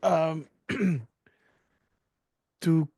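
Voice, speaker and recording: A man's voice: on the high side, extremely slow, a little mellow, husky, dry recording, studio quality. A man hosting a live stream, giving casual, enthusiastic commentary and often asking his audience "right?". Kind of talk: casual commentary on played clips.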